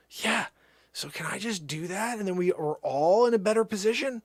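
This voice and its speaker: A middle-aged man making a comedic prank phone call, rambling and exasperated, swinging between low mutters and loud outbursts. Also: lively intonation, brisk, dry recording. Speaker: prank caller.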